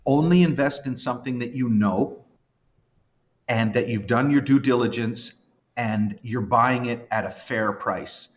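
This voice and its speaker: A man's voice: mid-range voice, unhurried, lo-fi sound. A man in his fifties from Canada, a podcast guest chatting casually, rambling and poking fun at himself. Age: 50s. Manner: rambling, self-deprecating, animated storytelling. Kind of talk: casual chat.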